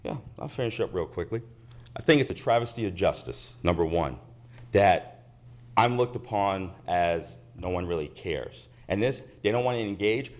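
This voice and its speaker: A man's voice: low-pitched, animated, normal speed. Indignant man at a public podium. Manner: indignant, insistent, repeats his points. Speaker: resident speaking at public comment. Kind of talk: impassioned public comment. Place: county commission meeting chamber.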